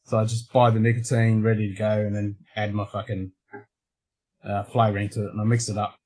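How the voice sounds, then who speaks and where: A man's voice: fairly low pitch, little pitch movement, fairly quick, darkish tone. An Australian man hosting a casual livestream chat, blunt and swearing constantly in a laid-back way. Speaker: show host.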